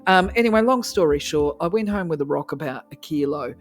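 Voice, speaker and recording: A woman's voice: low-pitched, brisk, soft background music. Chatty woman telling a rambling story. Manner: animated, rambling, acts out quoted dialogue. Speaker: crystal channel host. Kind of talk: casual storytelling.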